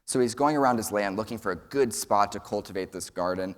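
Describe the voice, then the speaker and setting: A man's voice: fairly low pitch, fairly quick. A young man from Texas, giving an earnest prepared speech at a summit and telling a folksy joke. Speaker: student speaker. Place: large event hall. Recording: long hall reverb.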